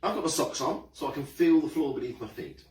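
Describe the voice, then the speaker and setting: A man's voice: fairly high pitch, lively intonation, fast talker, darkish tone. A middle-aged man, leading a live-streamed exercise class and cheerily greeting viewers by name. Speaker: fitness instructor.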